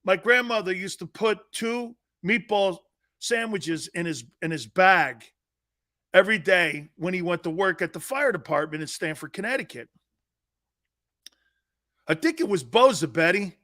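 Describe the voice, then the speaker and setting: High, bright-voiced laughing sports talk host. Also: male voice, unhurried. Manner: storytelling, animated, laughing hard at his own story. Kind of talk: casual live-stream chat reading viewer comments.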